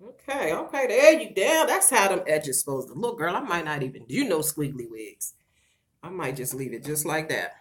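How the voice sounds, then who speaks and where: A middle-aged woman chatting on a casual livestream, loud and playful, breaking into laughter and talking straight to her viewers while she does her hair at home. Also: low-pitched, moderate pace. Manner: slangy and animated, talks straight to viewers. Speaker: vlogger doing a livestream.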